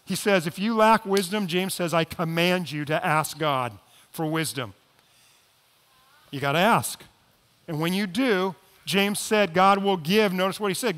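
A man preaching a sermon as pastor, moving between quiet, low asides and loud, emphatic appeals. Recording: long hall reverb.

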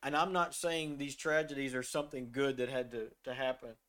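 A man's voice: medium pitch, steady tone, brisk. A middle-aged man in a casual faith discussion, telling a personal story in an earnest way and now and then reading scripture aloud. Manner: earnest, storytelling, drops to a soft voice when quoting himself.

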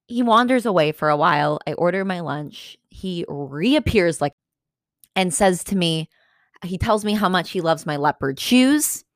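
A woman's voice: sits low, dry recording, clean studio sound. Sarcastic, swearing woman podcast host. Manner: animated, swearing, sarcastic asides. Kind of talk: casual storytelling.

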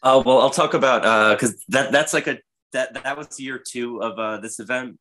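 A man's voice: medium pitch, moderate pace, pushed and bright. A man telling a rambling, profane, comedic story in casual podcast chat. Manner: profane, rambling, with frequent fillers. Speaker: podcast guest or host.

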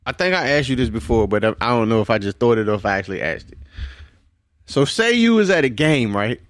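A man's voice: mid-range voice, sing-song, dry recording, clean studio sound. A man co-hosting a podcast in casual chat, setting up long slangy hypotheticals. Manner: storytelling, slangy, drawn-out setups.

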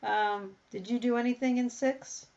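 A woman talking through a Bible passage in casual conversation, reading verses aloud and thinking out loud. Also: on the high side, normal speed, lo-fi sound. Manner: thinks aloud, reads scripture, animated when surprised. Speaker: Bible study co-host. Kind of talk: casual Bible study discussion.

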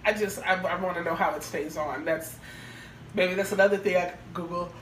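A woman's voice: fairly low pitch, steady tone, brisk. A woman co-hosting a podcast in casual chat, frank and crude, often laughing as she tells stories. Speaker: podcast co-host. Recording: roomy, distant mic with faint hiss.

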